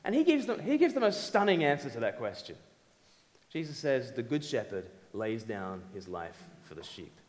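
A man preaching a sermon in an animated, emphatic way, acting out quotes. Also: mid-range voice, moderate pace. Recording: long hall reverb.

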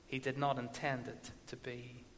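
A man preaching a sermon, telling a story and building to forceful emphasis. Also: mid-range voice, little pitch movement, moderate pace, slight background noise. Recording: echoey hall with long reverb.

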